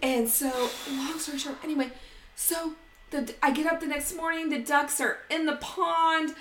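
A woman with a high-sitting voice co-hosts a podcast, telling a story in casual chat at a moderate pace. She's animated, swears freely, and performs every line of quoted dialogue, all recorded with a roomy echo.

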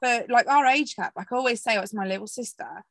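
A woman's voice: on the high side, quick pace, creaky, fairly bright tone, no echo. A woman in her twenties hosting a podcast, chatting in a reflective, sweary way. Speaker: podcast host. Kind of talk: casual chat.

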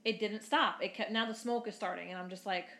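A woman's voice: medium pitch, steady tone, fairly quick, sharp tone. A woman in her twenties telling a story in casual chat, rambling with lots of fillers and the odd swear word. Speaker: podcast co-host. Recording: roomy echo.

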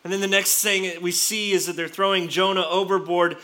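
High, very bright-voiced male pastor. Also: a little fast. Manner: animated storytelling with frequent restarts. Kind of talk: sermon.

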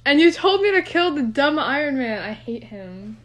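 Young female co-host, talkative and giggly, higher-pitched, casual home recording. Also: sing-song, normal speed. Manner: chatty, rambling, laughs often. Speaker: podcast co-host. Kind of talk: casual chat. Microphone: no microphone, phone or computer.

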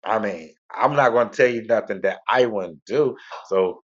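A man's voice: fairly low pitch, moderate pace. Rambling man on lo-fi internet radio. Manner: rambling, repetitive, laid-back. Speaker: radio show host. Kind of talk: casual monologue.

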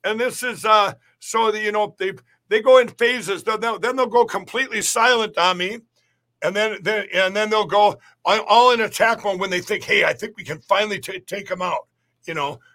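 A middle-aged man with a high, bright voice speaks as a podcast guest. He rambles emphatically and keeps restarting his sentences as he pushes his point. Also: normal speed. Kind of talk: podcast interview talk.

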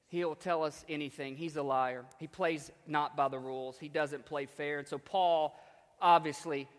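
A man's voice: on the high side, steady tone, moderate pace. A man preaching a sermon in a conversational, emphatic way, repeating his key lines. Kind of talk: storytelling sermon. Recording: long hall reverb.

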